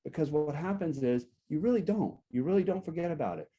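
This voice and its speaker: A man's voice: a little high, quick pace, slightly rough. A man giving a workshop talk to a support group, explaining step by step, checking in often with "right?", and acting out sample phrases. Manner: acts out sample phrases to show a calm and an angry tone. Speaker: guest speaker on relationships.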